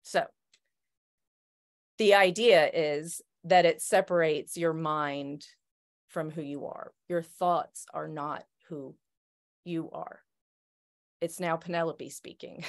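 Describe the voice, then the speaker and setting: A woman with a low, steady voice and vocal fry speaks slowly as a circle member sharing self-help tips with a group. Her talk is reflective and casual, and she often restarts her sentences and tosses in "right?".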